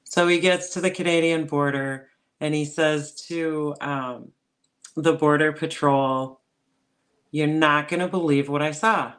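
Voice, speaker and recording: A woman's voice: low-pitched, steady tone, measured pace. A woman from northern Minnesota, co-hosting a casual podcast, chatty and laughing often as she tells a story. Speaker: podcast co-host.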